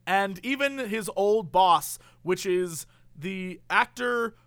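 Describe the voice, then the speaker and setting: A man's voice: sits high, takes it slowly, clear, resonant tone, no echo. A man in casual chat, animatedly retelling a movie plot and acting out the characters' lines. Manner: animated storyteller, acts out quotes.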